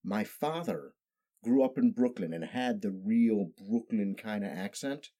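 An improv actor in his thirties chats casually as a podcast guest, telling stories with careful, precise diction and no regional accent. His voice is mellow and on the low side, and he speaks a little slowly.

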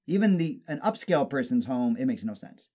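A man's voice: medium pitch, very animated, a little fast, warm tone. Profane man ranting in casual chat. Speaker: podcast co-host.

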